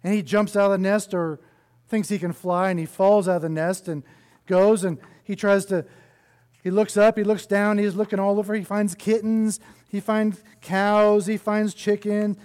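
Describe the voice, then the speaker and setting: A male pastor delivers a sermon in a fairly high voice, telling a story with animated, chatty asides to the congregation. His voice rings out through a church sanctuary with a long reverb tail. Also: moderate pace.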